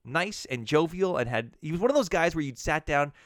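A man, a bartender and podcast co-host, telling a profane, animated story with frequent restarts. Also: on the high side, a little fast, dry recording, clean studio sound. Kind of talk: casual chat.

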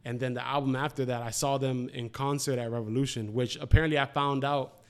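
A man's voice: mid-range voice, brisk, smooth. A man in his twenties chatting casually, telling profane stories and acting out the quotes. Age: 20s. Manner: profane, animated storytelling with acted-out quotes. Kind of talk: casual chat.

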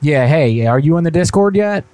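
A man's voice: a little high, animated, moderate pace, warm tone, smooth. A man hosting a live prank call stream in an upbeat manner, thanking viewers and hyping the calls. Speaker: show host.

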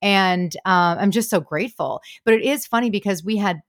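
A woman's voice: mid-range voice, normal speed. A woman, an impersonator and cookbook co-author, chatting as a guest in an effusive, bubbly way, often breaking into laughs. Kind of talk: casual chat.

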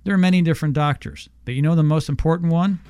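A man hosting a radio show, pitching a free service with an upbeat sales manner and slowly repeating a phone number. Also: darkish tone, clean tone. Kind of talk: radio show sponsor promotion.

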